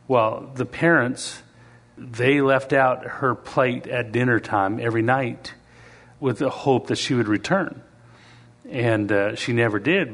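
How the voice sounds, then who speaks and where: A man preaching a sermon in a conversational way, now and then acting out quoted voices and reading scripture slowly. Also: medium pitch. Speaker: pastor.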